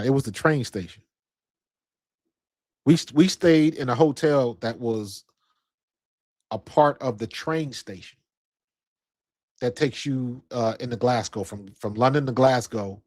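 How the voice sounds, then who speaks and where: Male podcast host, relaxed rambling storyteller, mid pitch, dry close sound. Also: unhurried, pauses often, no echo. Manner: laid-back, rambling storytelling. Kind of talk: casual chat.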